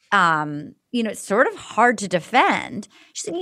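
A woman's voice: medium pitch, big pitch swings, moderate pace, few pauses, a bit bright, dry recording, clean studio sound. A woman hosting a podcast, chatting casually and swearing freely while she recaps, with lots of fillers. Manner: chatty, profane, full of fillers. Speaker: podcast host. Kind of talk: casual chat recapping a dating show.

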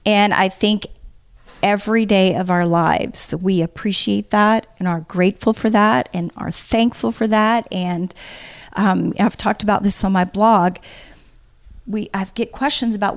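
A woman's voice: mid-range voice, fairly even intonation, a little slow. A middle-aged woman, giving earnest, heartfelt advice as an interview guest. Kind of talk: casual conversation.

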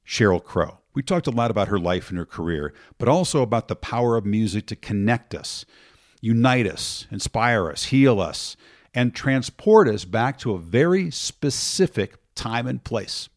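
A man hosting a podcast, reading a measured introduction to the next guest. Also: on the low side, expressive, no room sound, clean studio sound. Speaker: podcast host. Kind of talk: scripted introduction.

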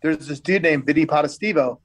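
A man guesting on a podcast, spinning a loose, rambling story in a relaxed, slangy way. His voice sits a touch higher than most men's, and he leans on "like" and "dude" and repeats words as he goes. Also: a little fast. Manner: laid-back and slangy, full of "like" and "dude". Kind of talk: casual podcast chat.

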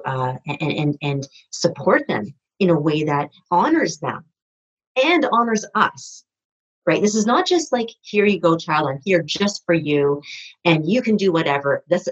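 Woman guest, deep husky voice, meandering and full of restarts. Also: fairly bright tone, lo-fi sound. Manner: rambling, with many restarts and fillers. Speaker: podcast guest. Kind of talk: conversational interview.

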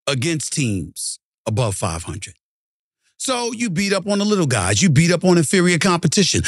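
A middle-aged man hosting a sports commentary show, ranting heatedly and swinging from low grumbling to high shouting. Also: no room sound, studio quality. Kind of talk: animated sports rant.

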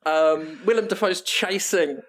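A comedy podcast co-host improvising an absurd film pitch, animated and silly, laughing often. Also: a little slow.

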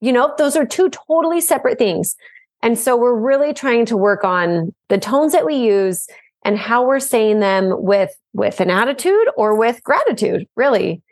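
A mom and program co-founder talking as a guest in a casual interview, loud and energetic by nature, telling stories in an animated way. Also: female voice, a little high, moderate pace, no room sound, studio quality.

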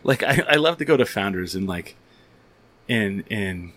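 A man's voice: lowish voice, animated, normal speed, fairly bright tone. A man hosting a podcast, telling rambling stories in casual chat, full of restarts and freely swearing. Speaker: podcast host.

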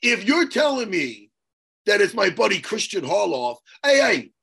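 High raspy guy co-hosting a podcast on a video call, super animated, ribbing his buddy, gets loud. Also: normal speed. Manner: animated, teasing, bursts of loud exclamation. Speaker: podcast co-host. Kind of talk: casual chat.

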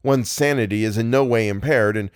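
Guy doing a cordial fast-talking gentleman, reassuring, dry close sound. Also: mid-range voice, no echo, natural voice. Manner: brisk and reassuring. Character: cordial, brisk man official, reassuring friend. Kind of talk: audiobook character voice.

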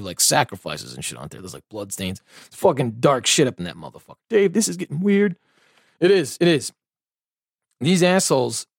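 Swearing, animated male podcast host. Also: medium pitch, no echo, studio quality. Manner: swears constantly, heated and sarcastic. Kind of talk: profane ranting commentary.

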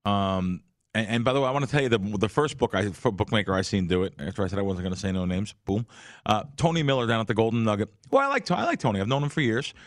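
Rambling, emphatic veteran bettor. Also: male voice, on the low side, lively intonation, quick pace, no echo, studio quality. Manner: rambling, emphatic, many fillers. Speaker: veteran sports bettor guest. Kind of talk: casual storytelling conversation.

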